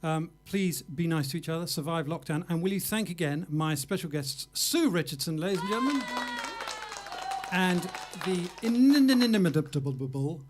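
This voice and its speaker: Guy hosting a jazz livestream from home, slightly high voice, rambling and jokey. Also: expressive, normal speed, heavy background noise. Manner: chatty, rambling, self-mocking. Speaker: livestream jazz show host. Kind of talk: casual live show wrap-up.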